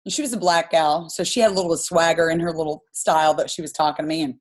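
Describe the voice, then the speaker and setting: A woman's voice: sits low, fairly even intonation, fast. A woman in her forties hosting a business team video call, telling a story in a chatty, enthusiastic, rambling way with plenty of fillers.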